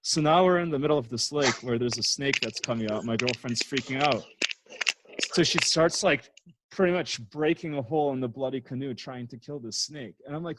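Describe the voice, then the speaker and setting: A man's voice: medium pitch, brisk, fairly bright tone, poor audio. A man from Canada, a podcast guest, chatting casually and rambling through stories with lots of fillers. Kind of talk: casual chat.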